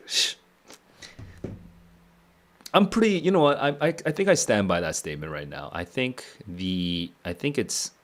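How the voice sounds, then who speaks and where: A man reading a novel aloud and reacting to it, thinking out loud and often chuckling. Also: deep voice. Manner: musing aloud, frequent chuckles. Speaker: book club streamer.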